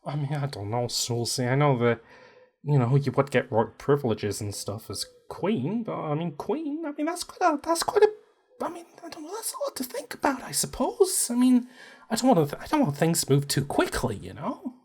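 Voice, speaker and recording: A man's voice: on the high side, wildly swooping pitch, moderate pace, a little mellow, slightly rough, pitched above the performer's own voice, heavily acted. A man voicing a nervous, dorky young man who hesitates and stammers. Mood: fretful.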